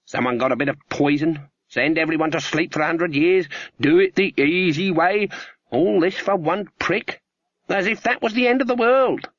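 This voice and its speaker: A man voicing a proud, sharp-tongued old witch woman who snaps and scoffs. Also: fairly high pitch, moderate pace, no room sound, dull audio, voice pushed up, close to an everyday voice. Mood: scornful, agitated. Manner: sharp, snappish, scornful.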